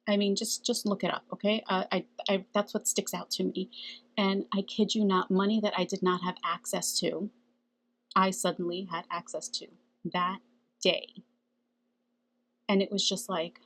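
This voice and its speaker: A woman's voice: mid-range voice, level tone, unhurried, long pauses, low-quality recording. A middle-aged woman talking casually and earnestly to camera about spiritual signs, laughing often and checking in with "okay?". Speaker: spiritual channel host.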